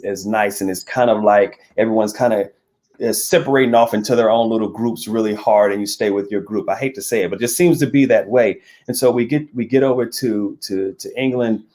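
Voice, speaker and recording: American guy chatting as an interview guest, keeps restarting sentences, mid pitch. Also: darkish tone. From United States. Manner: stammering restarts, candid and chatty. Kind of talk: casual interview chat.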